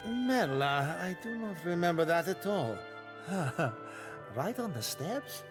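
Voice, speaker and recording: A drunken, boastful sailor in a jail cell for a fantasy game, with a high voice that swoops widely. He talks slowly and theatrically, wheedling and grandiose. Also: very animated, heavily acted. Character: drunken boastful jailed sailor, middle-aged man. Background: game music.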